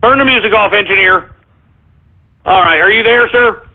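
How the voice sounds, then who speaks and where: A man hosting a shock-jock call-in radio show, talking in a loud, mocking, rambling way. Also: high voice, moderate pace, soft background music. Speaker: radio talk show host. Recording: lo-fi phone-like radio sound.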